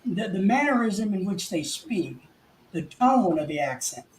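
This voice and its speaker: Man, livestream co-host, lively up-and-down voice, joking, echoey room, faint hiss. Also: sits high, measured pace. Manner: joking, teasing, laughs often. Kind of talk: casual chat.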